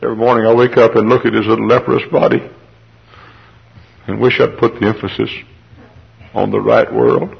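A remorseful leper who blames himself for his children's sickness, as a preacher voices him. The voice is low and gravelly, with a husky edge. The recording sounds dull and lo-fi. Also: flat delivery, normal speed, pauses often, full character voice. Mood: grieving. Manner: remorseful first-person lament. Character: grieving leprous male servant, guilt-ridden father.

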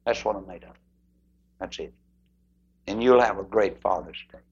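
A man preaching a sermon who moves emphatically between loud declarations and hushed asides. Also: deep voice, normal speed, breathy edge, dull audio.

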